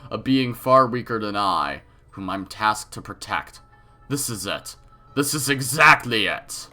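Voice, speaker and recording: A man's voice: on the low side, expressive, unhurried, sharp tone, faint music behind, full character voice. A man with a cold voicing a creepy, menacing young male villain in a game reading, with sinister laughs. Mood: gloating. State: has a cold.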